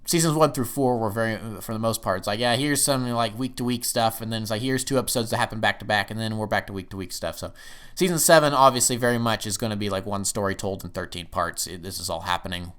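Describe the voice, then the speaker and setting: A man reviewing a TV episode in casual talk. He rambles and sometimes jumps up excitedly. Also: lowish voice, quick pace.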